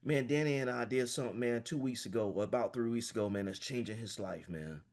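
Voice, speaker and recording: A man who works as a financial coach gives a fired-up, emphatic motivational talk on a video call, saying "man" again and again. He's from small-town Florida, US, and talks fast with a medium-pitched, slightly mellow voice.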